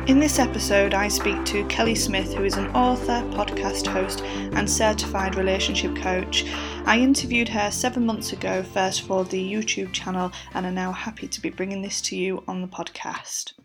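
A woman hosts a podcast interview over a video call, friendly and quick to laugh. Her voice sits at a middle pitch. Faint music plays softly behind her. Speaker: podcast host. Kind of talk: conversational interview.

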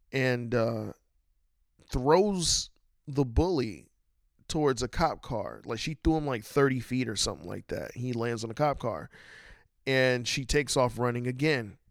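Animated man recapping a film. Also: medium pitch, no echo, clean studio sound. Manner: animated storyteller, acts out quotes. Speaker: podcast host.

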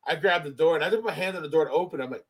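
A man co-hosting a podcast, telling stories in casual chat, cursing often, slangy and animated. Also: on the high side, racing. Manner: profane, animated storytelling with slang. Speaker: podcast co-host.

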